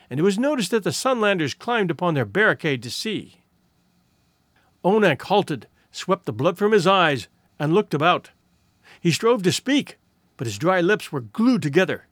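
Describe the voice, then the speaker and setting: Expressive, high-voiced male storyteller. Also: no echo, studio quality. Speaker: audiobook narrator. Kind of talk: scripted narration.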